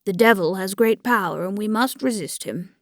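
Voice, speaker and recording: A woman's voice: medium pitch, normal speed, no room sound, studio quality, close to an everyday voice. A woman reading the part of a weary, good-natured old priest who rattles off churchly phrases in a rote rush. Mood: hurried, patient.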